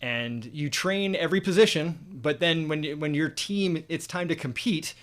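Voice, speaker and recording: A man's voice: fairly high pitch, normal speed, a bit bright. A man in his thirties co-hosting a casual live chat, telling wry, rambling stories. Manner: wry, joking, rambling storyteller. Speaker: co-host.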